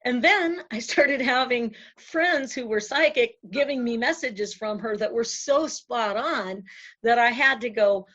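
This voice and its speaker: Woman guest, kinda high voice, halting, lots of restarts, muffled lo-fi sound. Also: fairly bright tone. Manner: halting, with many restarts and fillers. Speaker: guest, spiritual channel. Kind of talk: conversational interview storytelling.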